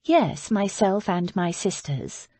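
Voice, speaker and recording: A woman voicing a composed, polite young gentlewoman in an audiobook. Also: mid-range voice, lively intonation, slow, no room sound.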